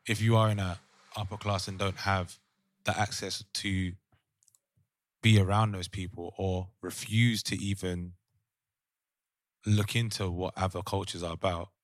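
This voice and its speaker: A man's voice: low-pitched, flat delivery, a little slow, long pauses, no echo, clean studio sound. A man co-hosting a podcast chat, thinking aloud and hesitant at times. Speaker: podcast co-host. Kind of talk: casual chat.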